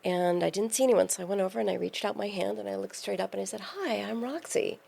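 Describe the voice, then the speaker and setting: Gravelly-voiced woman telling a story. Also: mid-range voice, fast. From California. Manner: lively storyteller, acts out quoted voices. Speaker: podcast guest. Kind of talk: casual storytelling interview.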